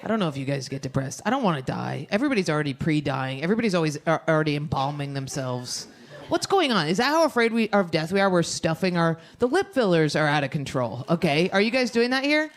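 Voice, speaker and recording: In a noisy live club recording, with laughter from the audience, a young woman performs crude, brash stand-up and chats with the crowd. Her voice is deep and fast, swinging widely in pitch.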